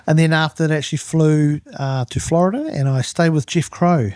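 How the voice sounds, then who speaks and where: Middle-aged man, New Zealand accent, animated storyteller, dry recording. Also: a little high, moderate pace, no room sound. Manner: animated anecdotes, acts out other people's voices. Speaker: guest, turf manager. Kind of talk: casual storytelling chat.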